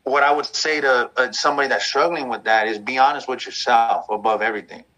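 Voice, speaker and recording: A man's voice: medium pitch, fairly even intonation, quick pace, fairly bright tone, rough recording. A man talking candidly and reflectively about his past in a loose, conversational way. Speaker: guest sharing his story.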